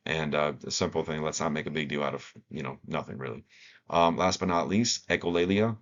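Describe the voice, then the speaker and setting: A man with an extremely deep voice walks new staff through a training session off the cuff. He stops and restarts often, with lots of ums and uhs. The recording sounds dull and lo-fi. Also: fairly quick, fairly bright tone. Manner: hesitant, many fillers and restarts. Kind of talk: unscripted training talk.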